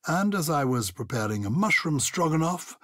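A man's voice: a little high, big pitch swings, moderate pace, sharp tone, no room sound, clean studio sound. An older man co-hosting a podcast, chatting playfully and theatrically and reading listener letters aloud. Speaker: podcast co-host. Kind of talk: casual chat about words.

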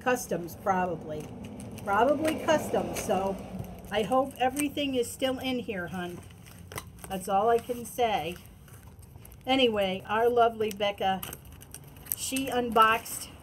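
Slow-talking, gushing woman unboxing. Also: fairly high pitch, expressive, a little hiss or hum, rough recording. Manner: gushing, gasping, breaks into delighted exclamations. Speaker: tarot channel host. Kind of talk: unboxing vlog.

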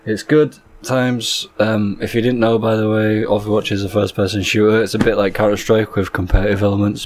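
A man giving casual gameplay commentary as a gaming YouTuber, excitable and sweary, with sudden loud outbursts. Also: on the low side.

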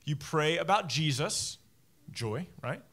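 A pastor in his forties delivers a sermon, talking to the congregation in a loose, animated way. His voice sits a little higher than most men's. He often breaks off for quick asides. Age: 40s. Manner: conversational, animated preaching with asides.

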